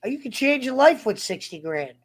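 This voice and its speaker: A man's voice: very high voice, big pitch swings, a little fast, slightly rough, poor audio. A man chatting casually on a podcast, telling stories with lots of swearing. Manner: swears freely, tells stories animatedly. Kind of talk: casual chat.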